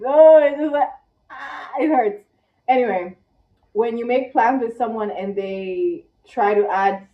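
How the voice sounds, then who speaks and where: A tired young woman vlogging casually in one take, chatty and dramatic, with squeaky rhetorical questions. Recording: echoey room, distant, dull mic.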